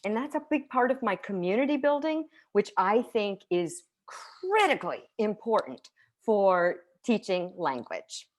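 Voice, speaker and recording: A woman teacher talks through an online conference session on a video call. Her delivery is lively and conversational, full of asides and quick checks with her listeners. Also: medium pitch. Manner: lively, conversational, with frequent "right?" and soft laughs. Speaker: teacher giving a conference talk.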